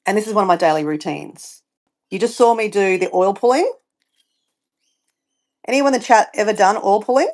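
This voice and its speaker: Chatty Australian woman with a lively voice. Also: mid-range voice, normal speed, pauses often. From Southeast Queensland, Australia. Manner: rambling, chatty, easily sidetracked. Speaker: livestream host. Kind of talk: casual live-stream chat. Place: at home.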